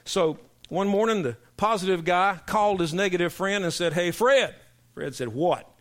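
A man preaching a sermon, telling joke stories in a folksy way, then building into loud emphatic preaching. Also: high-pitched, moderate pace. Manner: folksy storyteller, swings from soft asides to loud emphatic preaching.

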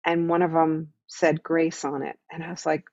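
A woman's voice: sits low, little pitch movement, moderate pace, darkish tone, dry recording. A woman meditation teacher speaks as an interview guest in an earnest, explanatory way. She often checks in with "right?" as she makes her points. The recording is a little dull and very dry.

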